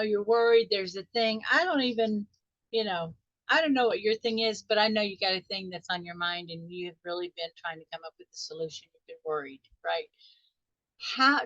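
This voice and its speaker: A woman hosting a live online coaching session, talking warmly and straight to her listeners and stretching out musing questions, heard over dull call audio. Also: on the high side, no room sound. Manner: warm, encouraging, talks straight to listeners. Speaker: wealth mindset coach hosting a weekly group. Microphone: video call microphone.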